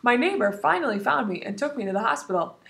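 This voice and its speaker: A woman's voice: on the high side, animated, quick pace, gravelly, far from the mic. Woman reading as a kind schoolteacher. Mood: kindly. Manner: gentle, explaining. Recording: roomy echo.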